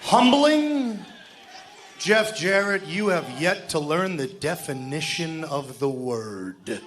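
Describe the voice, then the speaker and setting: A young man cutting a wrestling promo in a large arena on a handheld mic, taunting and shouting mocking insults at his rival. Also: fairly high pitch, expressive, slow.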